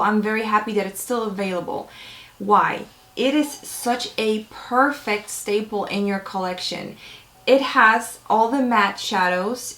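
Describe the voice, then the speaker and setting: A young adult woman, a beauty vlogger, chats casually and enthusiastically to camera with lots of fillers, sounding a little out of breath. Her voice is fairly high and a bit bright, and the sound is reverberant.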